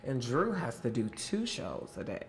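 A man's voice: medium pitch, huge pitch swings, moderate pace, slight background noise. A man in his late twenties, an actor, chatting with young castmates in a casual, upbeat, playful interview.

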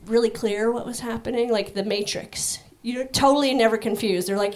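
A woman doing a stand-up set on stage, rambling and self-deprecating in a high-strung way. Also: fairly quick, hardly any pauses, fairly bright tone, a little hiss or hum. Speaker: stand-up comic. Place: comedy club stage. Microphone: stage microphone.

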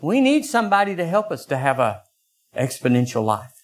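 An older man preaching a sermon as pastor, acting out quoted voices in lively bursts. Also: brisk. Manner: animated, acts out voices with sudden high pitch jumps.

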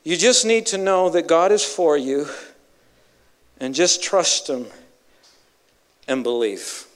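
A man's voice: on the high side, slow pace. A male evangelist preaching a sermon with emphatic, dramatic storytelling.

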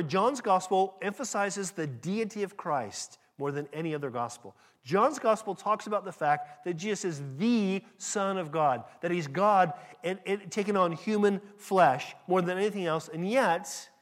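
A man preaching with a fairly high voice that rings out in a long hall reverb. He talks in a conversational, emphatic way and often stumbles over the start of a phrase. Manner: conversational, emphatic with frequent restarts. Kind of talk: sermon.

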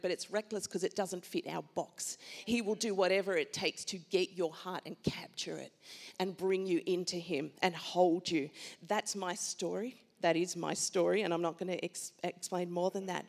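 A woman's voice: on the low side, moderate pace. A middle-aged woman who is a panel guest, speaking earnestly and fervently about faith. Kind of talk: faith talk.

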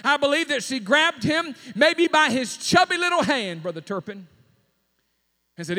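High-pitched dramatic preacher. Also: male voice, lively intonation, normal speed. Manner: dramatic, swinging from shouting to near-whisper. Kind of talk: sermon storytelling. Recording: long hall reverb.

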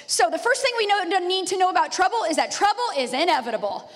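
A woman in her thirties preaching a sermon as a pastor, a lively storyteller who laughs often. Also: very high voice, quick pace. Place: church sanctuary. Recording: long reverb of a church hall.

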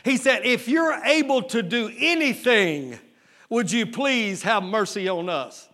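High-voiced, forceful preaching man. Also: animated. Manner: preacherly, calls out to the congregation with rhetorical questions; drawn-out emphatic phrasing, stretching key words. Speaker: lead pastor. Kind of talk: sermon.

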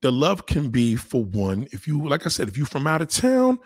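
Animated New York man, lively swearing rant. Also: medium pitch, normal speed, slightly rough. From New York City. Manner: animated, swearing, mimicking others. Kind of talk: casual profane monologue.

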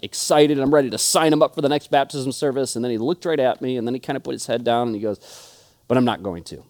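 A man's voice: medium pitch, a little mellow. A young adult man preaching a sermon, telling stories earnestly and often restarting his words. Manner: earnest storytelling with repeated restarts. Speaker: pastor.

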